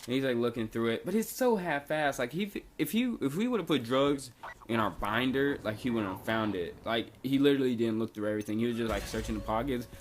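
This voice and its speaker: A man's voice: medium pitch, animated, brisk, slight background noise. A young man vlogging a casual storytime, rambling and laid-back, with lots of "like" fillers.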